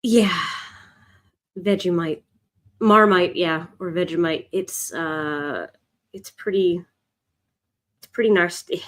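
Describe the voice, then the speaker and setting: A woman with a somewhat low voice hosts a live sketching session from home. She rambles in a relaxed way and answers viewers' comments as she draws. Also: takes it slowly, long pauses. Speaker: art livestream host. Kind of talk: casual chat while drawing live. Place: home, in Chicago.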